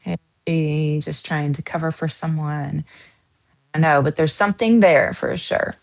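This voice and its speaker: Slow, low-voiced Southern woman chatting. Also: vocal fry. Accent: Southern American. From American South. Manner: chatty and giggly, many ums and restarts. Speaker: true crime channel host. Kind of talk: casual true crime chat, reading viewer comments.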